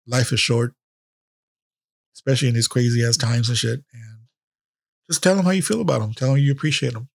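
Gravelly emotional podcast host. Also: male voice, medium pitch, fairly quick, pauses often, no room sound, studio quality. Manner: emotional, profane, rambling with restarts. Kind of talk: casual unscripted podcast monologue.

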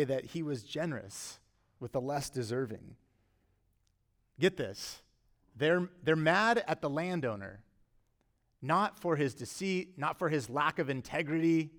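A middle-aged man preaching a sermon as pastor, earnest and conversational, with emphatic rises and quiet drops. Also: on the high side.

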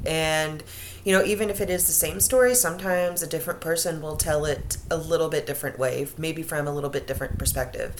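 Low-voiced woman in an echoey room. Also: brisk. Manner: thoughtful, easygoing, many fillers. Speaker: podcast co-host. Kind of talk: casual chat. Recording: roomy echo, faint noise.

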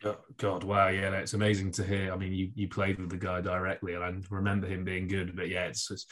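A man hosting an interview, asking measured, thoughtful questions of a former player. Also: deep voice, monotone, a bit bright. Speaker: podcast host.

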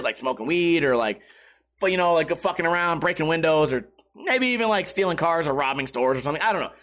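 Young male streamer, high voice, profane and rambling reaction commentary. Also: fairly bright tone. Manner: swears constantly, rambling with many restarts. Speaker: streamer reacting to news articles.

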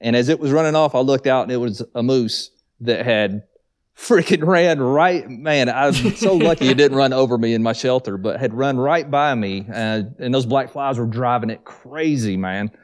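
A man's voice: mid-range voice, moderate pace. A man from the Southern US with a Southern accent, a guest telling stories in easygoing casual chat, often saying man. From Southern US, north of Atlanta. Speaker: guest hiker.

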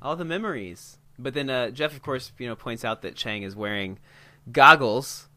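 A man chats as a podcast co-host, reacting to his partner and adding jokes about a TV episode. His voice is bright and clear at a middle pitch. He is animated and laughs easily between lines. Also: moderate pace. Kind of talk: casual chat recapping a TV episode.

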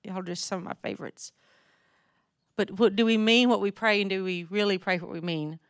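A woman from North Mississippi, USA, with a Southern accent delivers a casual sermon as a guest speaker. She speaks slowly and deliberately, often saying "um," in a mid-range voice with fairly even intonation.

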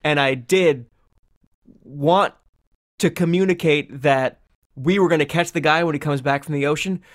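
A man's voice: on the high side, moderate pace. A man in casual comedic chat, riffing with dry, wry reasoning.

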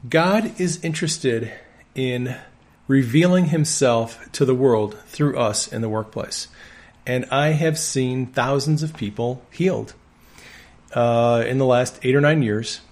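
A man with a medium-pitched, slightly mellow voice works on an ambulance. He preaches a sermon and shares personal healing testimonies with earnest, firm conviction.

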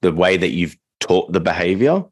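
A man's voice: deep voice, animated, normal speed, husky, no room sound. A man co-hosting a casual dog-training podcast, rambling loosely with lots of fillers and restarts.

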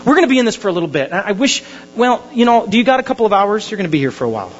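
A male pastor, preaching a sermon with animated storytelling that swings from hushed to loud. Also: high voice, very fast, slight background noise. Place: church hall. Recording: dull lo-fi sermon recording.

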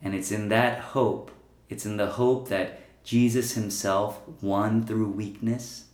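A man preaching a sermon as pastor, earnest and pleading, letting his phrases fall away softly at the ends. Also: fairly low pitch. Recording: roomy echo.

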